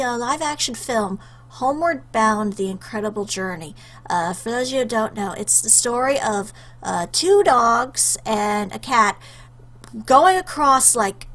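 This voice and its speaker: A young woman talks straight into her webcam in a loose, rambling way, full of little fillers and restarts. Her voice sits at an ordinary pitch, and she sounds choked up with emotion. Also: fairly bright tone. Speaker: YouTuber answering a questionnaire. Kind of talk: casual webcam chat.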